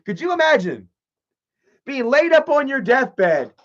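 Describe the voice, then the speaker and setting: A man with a very high-pitched, very animated voice, a bit bright, speaks at a measured pace. He's a live streamer doing casual, profane, mocking commentary and reading chat messages out loud, heard through muffled lo-fi stream audio.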